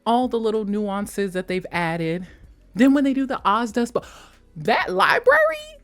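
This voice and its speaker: A woman chatting casually as a vlogger, gushing about a film in slangy talk, switching between high mock voices and soft whispers. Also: moderate pace, smooth, faint music behind. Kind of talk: casual chat.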